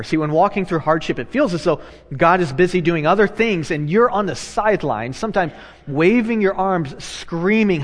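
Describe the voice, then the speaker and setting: A man, a pastor, preaching a sermon in a conversational way, moving between hushed and loud animated passages and repeating phrases for emphasis. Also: high voice, normal speed, big-room sound.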